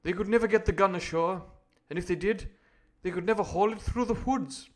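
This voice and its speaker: A man voicing an eager teenage cabin boy in a storybook reading, earnest and quick to explain himself. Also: high voice, voice pushed up, natural voice. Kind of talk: storybook reading, doing voices.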